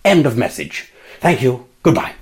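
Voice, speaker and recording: A man's voice: medium pitch, big pitch swings, moderate pace, close to an everyday voice. A man imitating his elderly grandmother as she leaves a stiffly formal, posh answering-machine message. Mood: prim.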